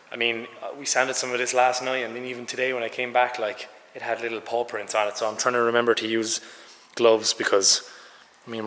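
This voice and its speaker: Hoarse man in an echoey workshop. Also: medium pitch, pushed and bright. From Ireland. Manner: chatty, loose and matter-of-fact, with mild swearing. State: hoarse, says he lost his voice. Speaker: car restoration vlogger. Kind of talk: casual workshop vlog narration. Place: large garage workshop, indoors.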